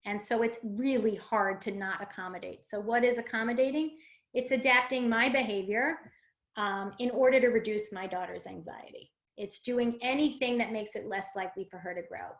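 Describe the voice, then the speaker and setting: A woman's voice: mid-range voice, fairly even intonation, brisk. A woman presenting a parenting webinar, explaining things with fillers and acting out example phrases. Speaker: parent coach.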